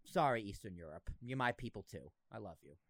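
A man's voice: on the low side, lively intonation, fairly quick, fairly bright tone, no echo. A man guesting on a podcast in casual chat, giving blunt, joking opinions.

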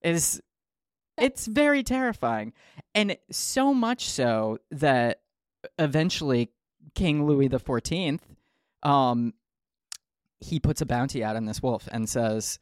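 A man spins a tale for his podcast, playful and full of jokey asides. His pitch swings widely as he talks. The sound is dry and close. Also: big pitch swings, slow pace, pauses often, no echo. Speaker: podcast host. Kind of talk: comic podcast storytelling.

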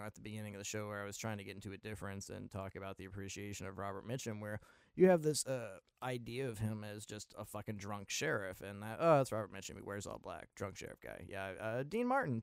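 Casual podcast host, a man who rambles through film talk with restarts, cursing and excited bursts; smooth voice, dry. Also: lowish voice, no echo. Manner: rambling, profane, full of restarts and asides; excitable, with sudden loud bursts. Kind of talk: casual film review monologue.

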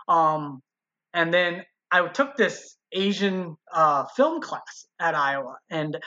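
A man guest in a casual interview, telling his story and acting out what others said. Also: fairly high pitch. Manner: animated, quotes people in changed voices. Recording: dull lo-fi sound.

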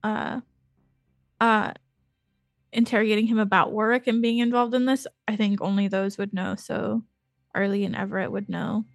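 A woman's voice: mid-range voice, little pitch movement, moderate pace, long pauses, dry recording. Hesitant woman player, dry sound. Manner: hesitant, thinking aloud. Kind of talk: casual play at a tabletop game.

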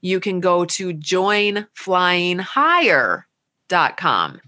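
Bright, upbeat woman podcast host. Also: on the low side, big pitch swings, drawn-out words. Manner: upbeat and chatty, spells out web addresses. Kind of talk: casual podcast wrap-up.

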